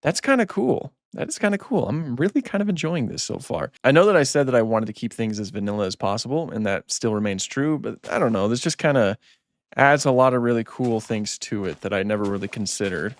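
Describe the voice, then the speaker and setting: A man's voice: mid-range voice, expressive, fairly quick, no echo, studio quality. A man hosting a gaming channel, chatting casually as he plays and repeating himself when startled. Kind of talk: casual let's-play commentary.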